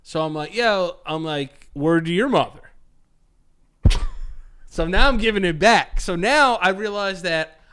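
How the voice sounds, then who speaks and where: A man's voice: sits high, animated, a little slow, pauses often, sharp tone, smooth. A man co-hosting a podcast, telling a story in casual chat with lots of swearing and quoted voices. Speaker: podcast co-host.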